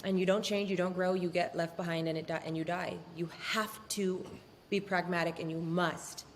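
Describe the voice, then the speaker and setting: Candid, animated woman in a roomy hall. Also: lowish voice, normal speed, slight background noise. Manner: animated, candid, swears freely. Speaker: law firm owner, podcast guest. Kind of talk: casual interview talk.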